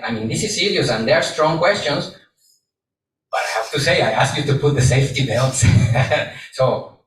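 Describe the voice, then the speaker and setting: Monk giving a dharma talk, kinda high voice, keeps asking the crowd stuff and laughing, non-native english, far from the mic in an echoey hall. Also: male voice, a bit bright, a little hiss or hum. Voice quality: playful questioning, laughs often, non-native English phrasing. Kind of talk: sermon. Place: hall with an audience.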